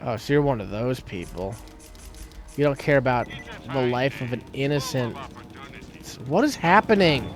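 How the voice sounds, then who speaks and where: A man's voice: medium pitch, moderate pace. A man giving casual, joking commentary while playing a video game with a friend, rambling with many fillers. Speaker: let's play co-host.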